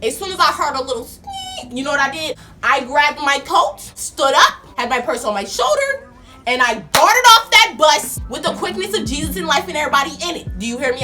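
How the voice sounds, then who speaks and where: A young woman vlogger telling a casual story in a slangy, animated way, acting out her own lines. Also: sits high, fairly quick, music in the background.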